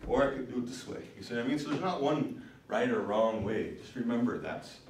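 A man's voice: medium pitch, fairly quick, darkish tone. A man teaching a language class in a casual, encouraging way, often repeating words for his students. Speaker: language instructor. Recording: roomy classroom from far off, noisy.

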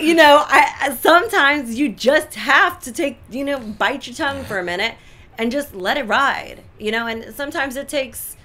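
A woman co-hosting a talk show, giving relationship advice in an animated, emphatic way with lots of repetition. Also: sits high, normal speed, slight background noise. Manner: animated, emphatic, repeats points. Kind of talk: casual advice chat.

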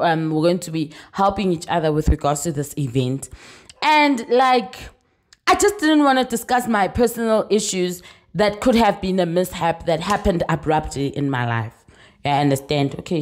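A woman's voice: fairly low pitch, a little mellow. Chatty South African woman vlogger. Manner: chatty, mixes Zulu phrases into English, keeps checking in with "you understand?". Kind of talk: casual storytime vlog.

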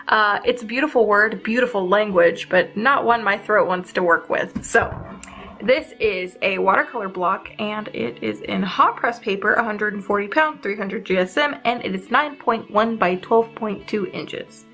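A young woman hosting her art channel, chatting casually and excitedly as she unboxes art supplies. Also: medium pitch, normal speed, soft background music. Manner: bubbly, excitable, giggly.

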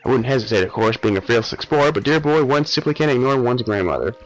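A man's voice: mid-range voice, expressive, fast, faint music behind, close to an everyday voice, rough recording. A man voicing a pompous upper-class explorer with an affected plummy manner. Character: pompous posh male explorer.

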